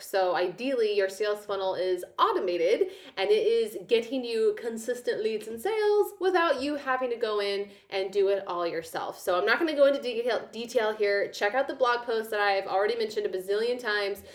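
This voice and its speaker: A woman hosting her own podcast, giving upbeat, chatty business advice. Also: a little high. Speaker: podcast host. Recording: roomy echo.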